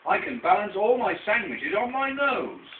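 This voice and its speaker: Old man doing a high bouncy bragging bunny from a storybook, tinny faraway echoey tape with hiss. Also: moderate pace. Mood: boastful. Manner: excitable, bragging. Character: boastful fibbing male rabbit. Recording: distant tinny camcorder audio with echo and hiss.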